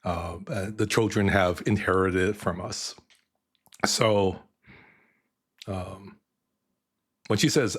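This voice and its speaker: A middle-aged man hosting a live stream in casual chat, emotional and halting, often repeating words. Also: low voice, steady tone, husky. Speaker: stream host.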